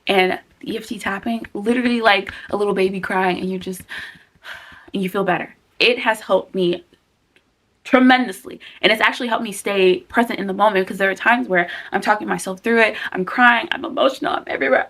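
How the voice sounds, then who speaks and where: Young adult woman, self-help vlogger. Earnest, candid, animated delivery. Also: medium pitch, a little fast. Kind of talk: casual self-help talk to camera.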